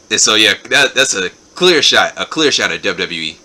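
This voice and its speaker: A man's voice: on the low side, sing-song, moderate pace, few pauses, sharp tone. A man hosting his own show, giving a casual, enthusiastic spoken recap and often repeating his words. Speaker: show host reviewing wrestling episodes.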